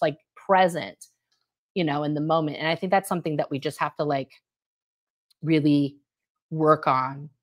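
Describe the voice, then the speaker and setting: Low-voiced reflective woman chatting. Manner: reflective, rambling, many fillers like "you know what I mean". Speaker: co-host. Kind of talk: casual livestream chat.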